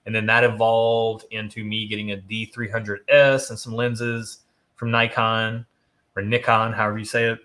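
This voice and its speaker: A man's voice: fairly low pitch, little pitch movement, normal speed, a bit bright. A man in his thirties co-hosting a livestream, chatting casually and rambling enthusiastically about his hobbies. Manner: rambling, enthusiastic, self-deprecating. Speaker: co-host of a whiskey channel.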